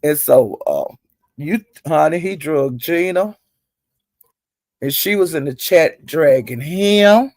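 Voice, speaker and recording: A woman's voice: sits low, animated, slow, darkish tone, dry recording, clean studio sound. A woman hosting a livestream, retelling an online feud in a chatty, gossipy way and calling her listeners "child". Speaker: livestream host.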